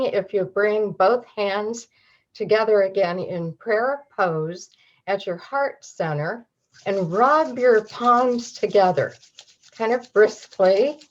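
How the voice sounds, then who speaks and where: A woman leading a closing grounding meditation, giving calm, slow instructions over a video call. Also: medium pitch. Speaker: guided grounding leader. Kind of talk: guided meditation. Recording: dull lo-fi video call audio.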